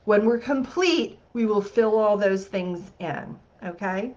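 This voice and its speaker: A woman's voice: mid-range voice, slow, darkish tone, lo-fi sound. A woman hosting a healing masterclass. She talks the group through an exercise in an upbeat, chatty way and often checks in with "okay?".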